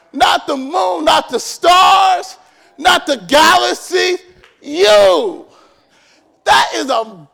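In a church, a male pastor with a strikingly high, gravelly voice preaches a sermon, shouting and driving his points home with repeated phrases. He takes his time, stretching words out slowly in an emphatic, repetitive style.

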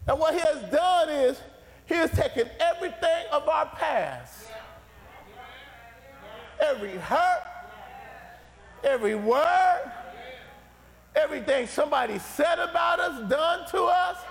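Man, gravelly fiery preacher, shouts and repeats his points; high voice, reverberant church hall. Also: animated, unhurried, pauses often. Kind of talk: fiery sermon. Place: church sanctuary. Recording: reverberant hall with faint congregation.

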